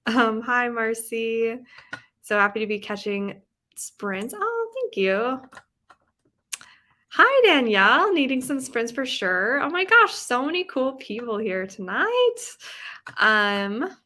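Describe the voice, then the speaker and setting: Young female streamer, bubbly and giggly, bright voice, casual chat with viewers. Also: on the high side, sing-song, takes it slowly. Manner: bubbly and chatty, laughs often. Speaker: livestream host reading with viewers. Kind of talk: casual chat reading chat messages aloud. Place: home, with rain sounds.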